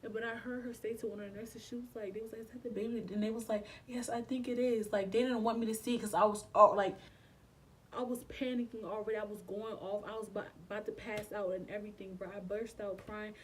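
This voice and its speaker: A woman's voice: mid-range voice, steady tone, fast, breathy edge, rough recording. A young woman telling a storytime vlog in an emotional, slangy way, swearing often and acting out her past reactions. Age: young adult. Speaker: vlogger.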